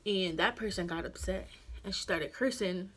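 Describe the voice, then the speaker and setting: A young woman talks through a storytime for her vlog in a casual, animated way. Her voice sits at an ordinary middle pitch, and her speech is loose, slangy and peppered with filler words as she keeps the story rolling. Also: moderate pace. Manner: chatty, animated retelling with lots of "like" and slang. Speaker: vlogger.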